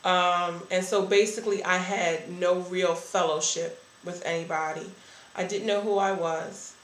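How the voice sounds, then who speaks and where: A woman's voice: fairly low pitch, fairly even intonation, unhurried, slight background noise. Earnest woman in an echoey room. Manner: candid and earnest. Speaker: church member sharing a testimony. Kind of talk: personal testimony.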